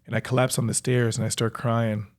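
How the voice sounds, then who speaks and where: A man's voice: mid-range voice, little pitch movement. Reflective man telling his story. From United States. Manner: reflective, halting, with frequent "like" fillers. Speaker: professional athlete telling his life story. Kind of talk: personal storytelling.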